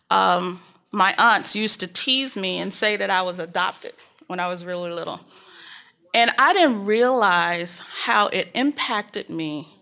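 A woman's voice: medium pitch, sharp tone. A middle-aged woman leading a Bible study group in a casual teaching talk, conversational and full of fillers and personal stories.

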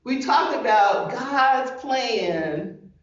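A woman's voice: fairly high pitch, animated, drawn-out words, highs cut off. A woman pastor preaching a sermon, emphatic and full of rhetorical questions, recorded from a distance in a large church hall.

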